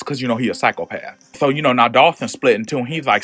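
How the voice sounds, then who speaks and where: A man's voice: medium pitch, fast, a bit bright, breathy edge, faint music behind. A man recapping a comic book in a slangy, joking, casual way.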